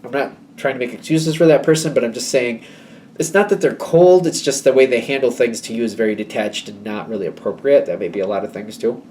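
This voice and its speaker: A man's voice: mid-range voice, quick pace, a little mellow, distant mic, a little hiss or hum. A man giving a casual, rambling tarot reading, acting out little exchanges between people as he talks. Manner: chatty, rambling, acts out quoted exchanges. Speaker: tarot reader.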